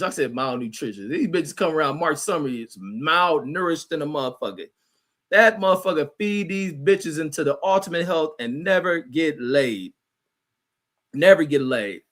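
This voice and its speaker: A man's voice: fairly high pitch, fairly bright tone. A man hosting a livestream, ranting heatedly and profanely while reading chat comments aloud, rambling with restarts and fillers. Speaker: livestream host.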